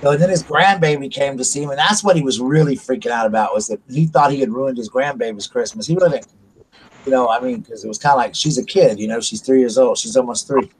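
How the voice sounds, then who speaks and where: A man's voice: mid-range voice, fast, a little hiss or hum, poor audio. A middle-aged man hosting a casual live stream, telling long rambling stories with restarts and asides. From South Carolina, US. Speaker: livestream host. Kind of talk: casual chat.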